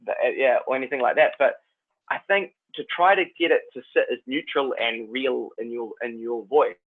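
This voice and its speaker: A New Zealand man with a Kiwi accent, an actor chatting as a guest in a relaxed, rambling way. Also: mid-range voice, normal speed. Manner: laid-back, rambling, says "man" and "like" a lot. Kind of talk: casual chat. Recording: tinny phone-like line.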